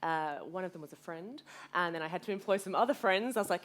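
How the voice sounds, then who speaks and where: Frank, animated woman. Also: low voice, brisk, few pauses. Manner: frank and animated, swears freely, quotes herself. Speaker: guest speaker, fitness business owner. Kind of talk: candid storytelling at a live community event.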